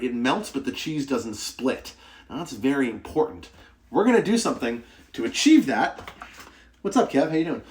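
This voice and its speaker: A young man streaming live from his home kitchen, cooking, chatting and joking as he greets viewers by name. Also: medium pitch. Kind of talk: casual live-stream chat.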